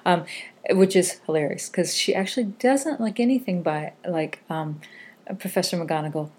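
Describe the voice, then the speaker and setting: A woman's voice: fairly low pitch, moderate pace, darkish tone, slightly rough. A woman hosting a casual podcast, chatting and reading out listener comments with frequent fillers and self-corrections. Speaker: podcast host.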